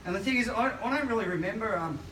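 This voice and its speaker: A man's voice: high-pitched, expressive, fast talker, pushed and bright. A man in his late forties doing a stand-up comedy set, self-deprecating and often laughing mid-line. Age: late 40s. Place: small live comedy venue. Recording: echoey, distant, noisy room recording.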